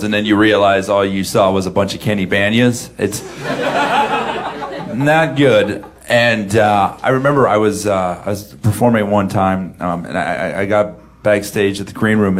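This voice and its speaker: A man doing stand-up with a lowish voice, telling a rambling, self-deprecating story. He stumbles and restarts as he goes, like a comic working the room. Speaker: stand-up comedian.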